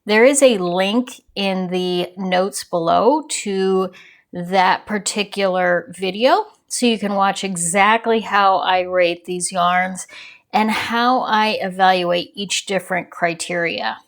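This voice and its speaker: A woman's voice: medium pitch, slow. A woman hosting a crochet channel, giving a casual yarn review in a chatty, rambling way that wanders off on tangents. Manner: chatty and rambling, digresses with small laughs.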